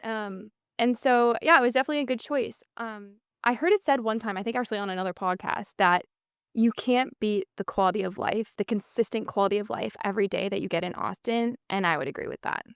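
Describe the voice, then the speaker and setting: A woman's voice: mid-range voice, fast talker, clean tone, dry recording, studio quality. A woman with a Minnesota accent, a podcast guest telling her story in an upbeat, fluent way with frequent "um" and "and so.". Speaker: podcast guest, business co-founder. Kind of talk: casual interview conversation.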